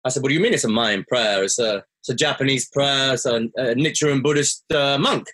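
Speaking as a guest, a man shares a personal story in an earnest, reflective way. His mid-range voice is fairly bright and moves a little fast, and it jumps up sharply whenever he quotes himself.

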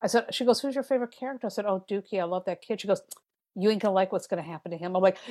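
A woman's voice: mid-range voice, racing. A middle-aged woman, a tarot reader, chatting casually on a podcast and acting out her own remarks as she tells stories. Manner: animated storyteller, acts out her own quotes.

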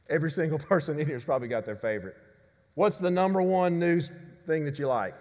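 A man preaching a sermon to his congregation. He delivers emphatic declarations, drops to hushed low lines, and often asks the congregation questions. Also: very animated, fast talker. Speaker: pastor. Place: church sanctuary. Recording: reverberant church hall.

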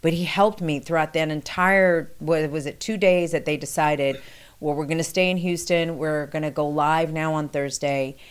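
A woman recounting a past experience in conversational storytelling, acting out quoted dialogue with animated pitch jumps. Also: moderate pace, clean tone. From New York City.

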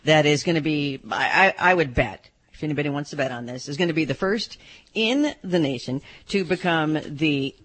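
A woman's voice: sits low, expressive, normal speed, a bit bright, slightly rough. A woman co-hosting a radio show from the newsroom, chatting playfully. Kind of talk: casual radio chat.

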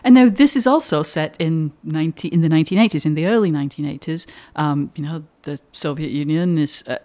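An interviewer asks questions in a relaxed conversation. The questions are curious and long, winding along before they reach the point. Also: mid-range voice, a little fast.

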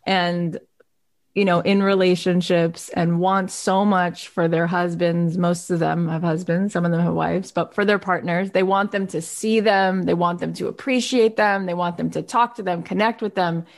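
A woman's voice: on the low side, steady tone, normal speed. Enthusiastic woman interview host. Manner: enthusiastic, affirming. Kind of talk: conversational interview.

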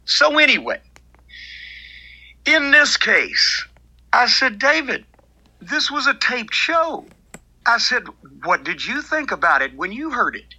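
A man's voice: very high-pitched, big pitch swings, slow pace, pauses often, pushed and bright, breathy edge, poor audio. An older man, a podcast host, telling a long profane story in casual chat and mocking other people's lines in quoted voices.

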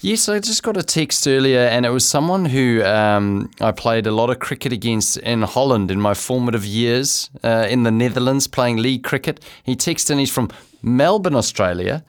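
A man's voice: medium pitch, lively intonation, moderate pace, hardly any pauses, clean tone. A man who co-hosts a cricket talk show as a former player, chatting in an easygoing, self-deprecating way. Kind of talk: casual studio banter.

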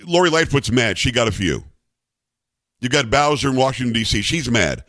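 Male talk host, sarcastic political commentary, lively swooping pitch, dry studio sound. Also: normal speed, no room sound. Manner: sarcastic, animated.

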